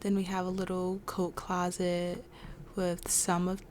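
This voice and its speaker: A woman hosting a life-sim game playthrough talks in an unhurried, easygoing way. She is chatty and amused, with frequent giggles. A faint hiss sits under her desk-mic recording. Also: fairly low pitch, completely flat delivery, a little mellow. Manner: laughs often, chatty and amused. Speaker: let's play host. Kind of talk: casual gameplay commentary.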